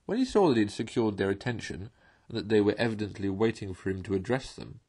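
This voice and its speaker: A man reads a classic storybook aloud in a low, husky voice. His telling is expressive, his pitch rising and falling with the story. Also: quick pace. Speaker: narrator. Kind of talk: storybook reading.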